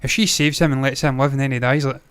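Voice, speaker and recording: A man's voice: medium pitch, steady tone, fast talker, fairly bright tone, clean tone, no room sound. A Scottish man co-hosting a casual film chat, rambling and swearing freely. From Scotland. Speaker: podcast co-host.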